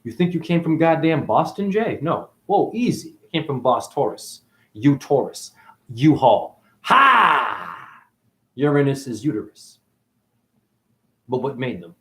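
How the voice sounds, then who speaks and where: A man delivering a rambling spiritual monologue, profane and full of wordplay, who calls the listener honey and swings from mutters to excited outbursts. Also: medium pitch, normal speed. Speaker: spiritual speaker. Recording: roomy echo.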